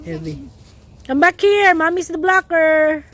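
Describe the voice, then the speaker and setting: In a casual family vlog, a young mother from the Philippines with a Cebuano accent plays ball outdoors with her kids, cheering, laughing and being playful. Her voice is very high, unhurried and a bit bright.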